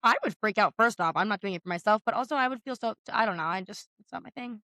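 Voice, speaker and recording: A woman's voice: fast talker, dry recording. A young woman co-hosting a podcast, telling a story in a casual chat and acting out the quotes. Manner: animated storytelling, acting out quotes with big pitch jumps. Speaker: podcast co-host.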